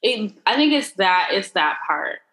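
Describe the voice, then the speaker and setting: A woman's voice: medium pitch, big pitch swings, a little slow, a bit bright, poor audio. A young adult woman in casual chat as a podcast co-host, telling stories bluntly and swearing freely.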